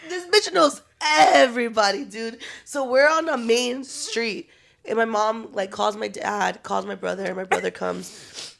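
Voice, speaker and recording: Gravelly young woman telling a wild story. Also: on the high side, unhurried. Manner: animated storytelling, swears freely, laughs often. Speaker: podcast co-host. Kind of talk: casual chat.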